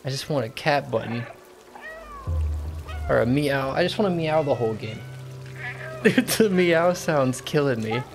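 A man streaming a video game live, chatting casually and reacting excitedly with gasps and laughs. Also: mid-range voice, unhurried, long pauses. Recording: game music under the voice. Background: game music clearly audible.

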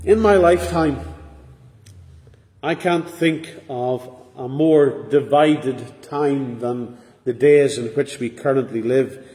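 Measured male preacher, middle-aged, warm tone, big reverberant church sound. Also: medium pitch. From Northern Ireland. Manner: measured, earnest preaching with pauses. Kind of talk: sermon. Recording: echoey hall with long reverb.

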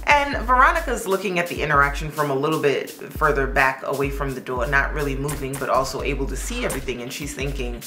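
A woman's voice: extremely low pitch, lively intonation, quick pace, hardly any pauses, roomy sound, music in the background. A woman telling a story in a casual, chatty way, with joking asides to her listeners.

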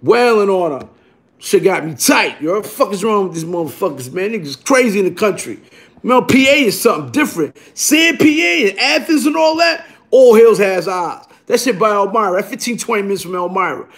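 A man telling a rough, profane story in a casual, animated way, punctuated by "you heard?". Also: high voice, brisk. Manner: animated, repeats "you heard?", bursts into shouting.

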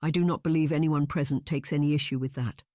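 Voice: medium pitch, fairly even intonation, quick pace, mellow, dry recording, close to an everyday voice. A narrator playing a rude young nobleman, smirking and condescending. The read is close and dry, an audiobook character voice. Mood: smug.

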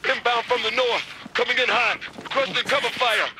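An actor playing a male soldier radioing in under fire in a video game, with loud, urgent calls. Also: very high voice, normal speed, background noise. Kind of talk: video game cutscene acting. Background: music.

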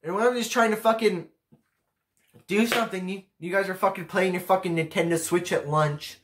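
A man's voice: sits high, steady tone, a little fast. A teenage boy vlogging a casual rant to camera, ranking pet peeves in a profane, exasperated way. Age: teens.

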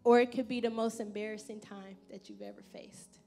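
A woman pastor giving an expressive, conversational sermon at a church service. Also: mid-range voice, a little fast, faint music behind.

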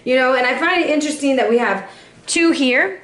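A woman giving a casual, playful tarot reading to camera, chatty and quick to laugh. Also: high-pitched, a bit bright, echoey room. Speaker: tarot reader.

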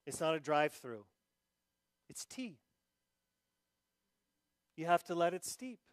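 A male pastor preaches in a fairly high voice, talking casually and then rising into emphatic bursts before dropping low and slow. The sound is close and dry, with no room around it. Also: very animated, clear, resonant tone, dry recording. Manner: acts out quoted listeners in mock confusion. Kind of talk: sermon.

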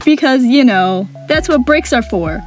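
A woman's voice: a little high, expressive, measured pace, soft background music. A young woman narrating funny work stories with wry, sarcastic humor. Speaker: animation storyteller. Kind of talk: story-time narration.

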